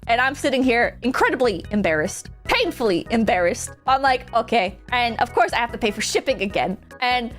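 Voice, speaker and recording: A young woman streamer telling a story casually, animated and swearing a lot, with bursts of shouting and laughter. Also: fairly high pitch, a little fast, few pauses, faint music behind.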